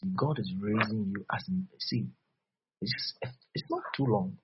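A man preaching a sermon as pastor, repeating phrases and swinging between loud bursts and soft drops. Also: fairly low pitch, measured pace, background noise. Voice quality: husky. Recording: dull lo-fi recording.

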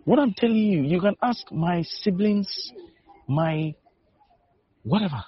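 A man's voice: sits high, lively intonation, slow, no echo. A man preaching a sermon as a pastor, repeating short exhortations and asking his listeners if they are listening. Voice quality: husky. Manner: repetitive, emphatic exhortation with rhetorical questions. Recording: dull lo-fi recording.

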